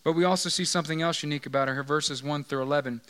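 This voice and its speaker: A male pastor with a fairly high voice delivers a casual sermon. He jokes, checks in with listeners, and keeps things conversational. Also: steady tone, rapid-fire, few pauses, fairly bright tone, clean tone. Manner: conversational, joking, asks audience questions.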